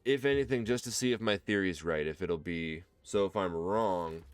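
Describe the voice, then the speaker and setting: A man with a Midwestern accent, casually commenting on his own card game run and thinking out loud to viewers. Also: deep voice, normal speed, clean tone. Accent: American Midwest. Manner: thinks aloud, explains card choices to viewers. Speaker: gameplay commentator. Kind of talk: relaxed let's-play commentary.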